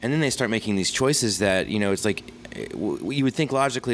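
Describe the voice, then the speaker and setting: Deep-voiced man rambling casually. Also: lively intonation, fast, slight background noise. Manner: rambling, with many restarts and fillers. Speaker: guest filmmaker. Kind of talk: casual interview chat.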